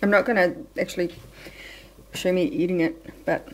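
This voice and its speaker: A woman's voice: lowish voice, steady tone, moderate pace, long pauses, a little hiss or hum, poor audio. A young woman chatting casually in an offhand, matter-of-fact way as a vlogger, in a home kitchen late at night. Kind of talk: casual chat.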